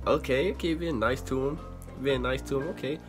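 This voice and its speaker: A young man reacting to a video in casual slangy talk. He swings loud and high when he gets outraged. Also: a little fast. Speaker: YouTuber. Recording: music playing behind.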